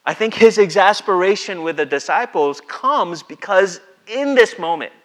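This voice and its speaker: A man's voice: sits high, normal speed. A man preaching a sermon in a conversational way, reading scripture and acting out the quotes. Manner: conversational, acts out scripture with lively voices. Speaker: pastor.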